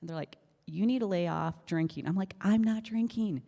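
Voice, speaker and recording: A woman telling her story in church, animated, acting out conversations and often laughing. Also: medium pitch, normal speed, creaky. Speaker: church member giving testimony. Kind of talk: storytelling testimony. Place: church sanctuary. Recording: long church hall reverb.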